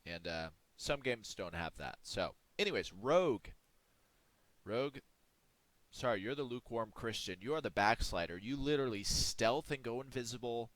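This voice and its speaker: A man giving a comedic, mock-preachy monologue, drawing out words with dramatic pauses. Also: medium pitch, lively intonation, a bit bright, dry recording. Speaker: video creator ranking game classes.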